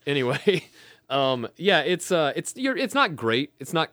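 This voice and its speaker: A man casually chatting about a tabletop war game as a podcast co-host, excitable and quick to swear. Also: on the high side, no room sound. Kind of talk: casual tabletop gaming chat.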